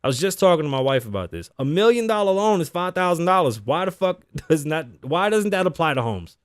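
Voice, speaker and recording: A man's voice: fairly high pitch, very animated, a little fast, smooth, no room sound. A man hosting a casual talk show, reading news aloud and riffing on it bluntly with heavy swearing. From Las Vegas, Nevada (lives there). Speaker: podcast host.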